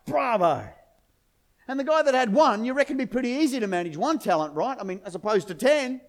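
A middle-aged man, preaching a sermon in an energetic, conversational way full of rhetorical questions. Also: very high-pitched, fast talker. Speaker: pastor.

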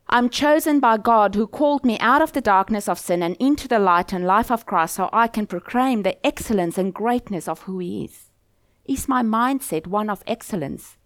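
A woman's voice: mid-range voice, dry recording. Earnest woman preaching, dry close sound. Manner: earnest and steady, posing questions to the listeners. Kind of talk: sermon.

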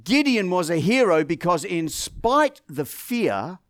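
A man delivers a sermon in a high, lively voice that leaps up and down in pitch. He preaches with dramatic emphasis, sinking to near whispers before driving points home with force. The recording is dry and close. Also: slow pace, no echo.

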